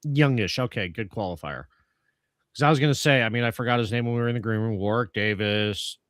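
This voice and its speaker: A man's voice: mid-range voice, fast talker, a bit bright, no room sound, clean studio sound. A man co-hosting a casual film review chat with a sarcastic, wry manner. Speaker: podcast co-host.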